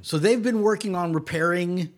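A man's voice: high voice, moderate pace. A man narrating as game master of a tabletop game, giving playful, rambling descriptions.

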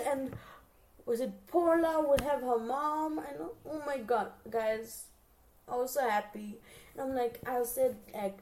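A woman's voice: fairly high pitch, mellow. A young woman in casual reaction chat, talking straight to her viewers and acting out her own reactions with gushing emotion. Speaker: vlogger reacting to a TV series.

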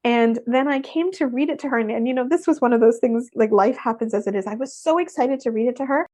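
A middle-aged woman, a guest in an interview, telling a personal story with lively expression. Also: a little high, fast. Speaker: interview guest, workshop speaker.

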